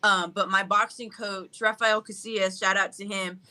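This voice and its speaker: A young woman with a bright, forward voice talks casually as an interview guest. She sounds upbeat and goofy, laughing easily as she goes. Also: mid-range voice, steady tone, moderate pace. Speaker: guest fighter.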